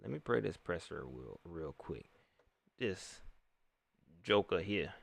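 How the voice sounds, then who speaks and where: A man hosting a live reaction stream, ranting in an animated way and talking straight to his viewers. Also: low-pitched, slow pace, gravelly, no room sound.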